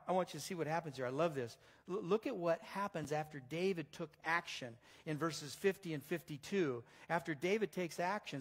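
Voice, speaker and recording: A male pastor preaching a sermon in a church, telling stories in an animated way that swings between loud and soft. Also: fairly high pitch, husky.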